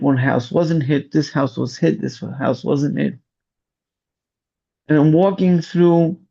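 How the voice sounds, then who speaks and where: A man who commands rescue volunteers, telling his story slowly in an interview and searching for his words. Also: mid-range voice, vocal fry, warm tone. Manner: slow, searching storytelling with restarts. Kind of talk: interview testimony. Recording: dull lo-fi audio.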